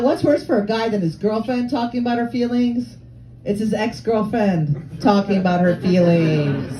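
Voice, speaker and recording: A woman's voice: mid-range voice, noisy background. A woman in her forties from Lebanon and Canada, doing a brash, profane, self-mocking stand-up comedy set on a comedy club stage. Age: 40s. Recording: live club crowd laughing.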